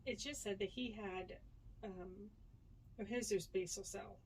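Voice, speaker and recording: A matter-of-fact woman chatting as a podcast co-host at a middling pitch. She reads items off her notes, with faint noise under her voice. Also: steady tone, measured pace, a little mellow. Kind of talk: casual chat.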